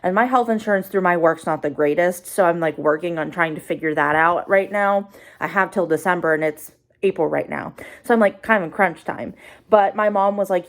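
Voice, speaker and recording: A woman's voice: fairly low pitch, brisk. Anxious rambling young woman vlogger. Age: 20s. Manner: rambling, anxious, filler-heavy "like". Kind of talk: confessional casual vlog.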